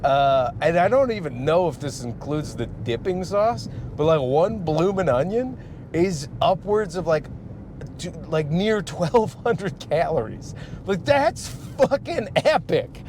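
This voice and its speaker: A man's voice: animated, measured pace. A man from Michigan, a stand-up comic hosting his podcast, rambling casually and profanely with frequent laughs while driving. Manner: profane, laughs often, restarts and trails off. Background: faint vehicle rumble.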